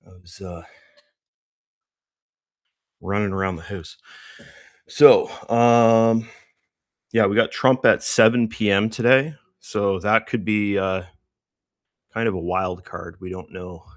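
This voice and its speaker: A man's voice: on the low side, fairly even intonation, takes it slowly, pauses often, dry recording, studio quality. A man hosting a live trading session, out of breath and rambling casually with lots of fillers as he walks through the charts. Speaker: trading livestream host. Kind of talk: casual live market commentary.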